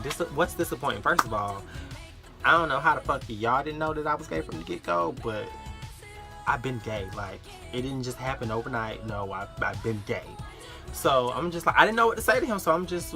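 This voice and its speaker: A young man in his late teens telling a storytime vlog, animated and acting out other people's lines. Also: medium pitch. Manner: animated, acts out the dialogue of others. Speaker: vlogger.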